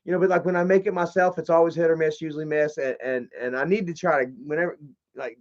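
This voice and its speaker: A man's voice: a little high, fairly even intonation, fast talker, lo-fi sound. A man in a casual live stream, rambling, joking and swearing as he opens fan mail. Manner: rambling, profane and jokey.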